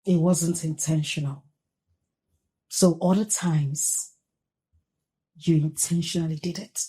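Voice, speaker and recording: A woman's voice: low-pitched, steady tone, slow, dark tone, breathy edge, full character voice. An actress with a Nigerian accent playing a young wife who is angry at her husband for neglecting her, heated and accusing. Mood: bitter. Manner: heated, accusing, repeating herself. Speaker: actress in a film. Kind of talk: film drama acting.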